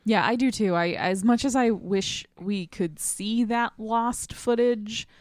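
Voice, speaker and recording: A woman's voice: on the high side, unhurried, dry recording. A woman co-hosting a podcast, chatting about an old film in a thoughtful way and often offering short agreement. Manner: thoughtful, backchannels often, laughs easily. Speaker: podcast co-host. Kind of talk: casual film discussion.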